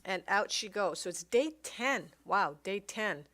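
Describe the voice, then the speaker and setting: A woman giving casual gameplay commentary, reading game text aloud and thinking out loud with many pauses and fillers. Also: mid-range voice, expressive. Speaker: let's play commentator.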